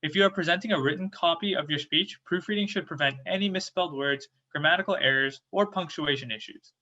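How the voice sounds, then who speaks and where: A young man presents his part of a student workshop over a video call, reading steadily from a script. His voice is bright and fairly high for a man. The audio sounds dull and lo-fi. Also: quick pace.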